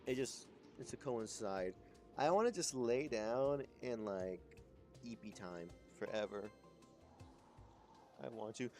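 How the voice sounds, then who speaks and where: A man's voice: mid-range voice, expressive, takes it slowly, long pauses, darkish tone, faint music behind. A man streaming a video game in a casual, profanity-heavy chat with viewers, sleepy and with a stuffy nose. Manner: swears constantly, chats with viewers. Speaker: gaming streamer. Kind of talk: casual gameplay commentary.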